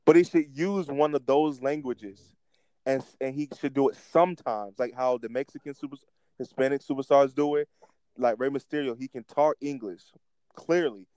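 A young man chatting casually about wrestling. His voice is mellow and dark, and it sits dry and close to the mic. He rambles and restarts his sentences in an animated way. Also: mid-range voice, clean tone, dry recording, low-quality recording. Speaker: podcast co-host.

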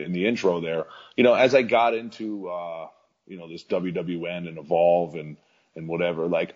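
A man's voice: deep voice, lo-fi sound. A man, a professional wrestler, talking in a casual interview in a laid-back, rambling way with lots of fillers and restarts.

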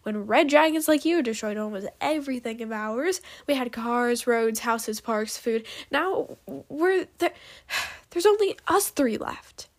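Woman voicing a blunt survivor, storybook reading, sarcastic, sharp-tongued, slightly high. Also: normal speed, hardly any pauses, close to an everyday voice. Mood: snappish.

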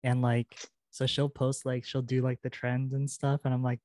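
A woman with a very low voice, chatting loosely on a podcast and breaking into giggles as she rambles. She leans on filler words, and her voice sits dry and close to the microphone. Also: little pitch movement, moderate pace, darkish tone, dry recording. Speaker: podcast co-host. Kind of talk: casual chat.

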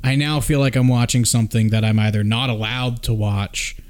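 A man co-hosting a casual podcast chat, jokey and animated and quick to laugh. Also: mid-range voice, clean tone. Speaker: podcast co-host.

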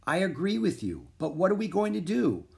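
A bright curious little girl put on by a male storyteller, voice lifted high and full of questions, swinging up and down with lots of life in it. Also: wildly swooping pitch, brisk, creaky, exaggerated voice. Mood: eager. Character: curious eager young girl.

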